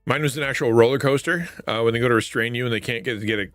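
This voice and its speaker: A man's voice: mid-range voice, rapid-fire, a bit bright, no room sound, faint music behind. A man hosting a live stream, chatting casually with viewers and retelling funny stories, laughing often, with a stuffy nose. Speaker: livestream host.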